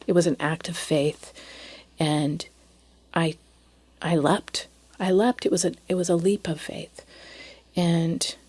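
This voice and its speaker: A woman from the United States tells a personal story on her podcast, with a voice that sits a little low. She talks hesitantly, restarting her sentences and dropping into near-whispers. The sound is close and dry, with no room echo. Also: darkish tone. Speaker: podcast host.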